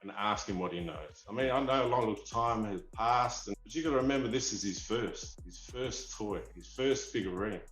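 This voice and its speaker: A man's voice: lowish voice, normal speed, few pauses, a bit bright, reverberant, faint music behind, rough recording. A man from Australia with an Australian accent, a collector telling rambling, eager stories in a casual interview. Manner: eager, rambling, restarts often. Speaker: figurine collector, guest.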